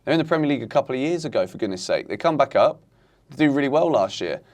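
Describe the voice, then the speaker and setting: A man hosting a casual football chat, talking in animated, exasperated rants. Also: mid-range voice, very fast. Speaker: football podcast host.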